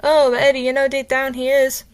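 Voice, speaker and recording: A woman voicing a villainous male pirate captain in a light put-on British accent, speaking slowly and sneeringly. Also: high-pitched, monotone, clean tone, voice pushed up, close to an everyday voice. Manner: slow, sneering.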